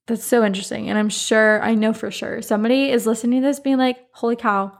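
Woman, Southern accent, solo podcast host, slightly high voice, casual and chatty. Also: steady tone, quick pace, gravelly. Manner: chatty, rambling, many "like" fillers and asides.

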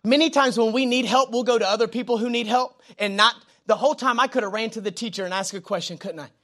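A young man preaching a sermon. He talks informally, telling jokes and personal stories, and moves between loud emphatic lines and quiet prayerful asides. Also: very high voice, fast talker. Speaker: pastor.

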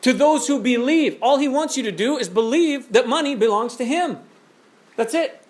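A man preaching a lively sermon, full of rhetorical questions and told stories. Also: very high voice, moderate pace. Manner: animated, storytelling, rhetorical questions.

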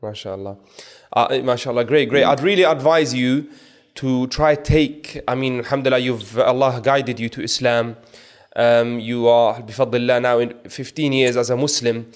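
Man, podcast host, medium pitch, frequent blessings, halting restarts. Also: fairly even intonation. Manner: warm, repeats religious blessings, hesitant restarts. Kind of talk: casual interview with a caller.

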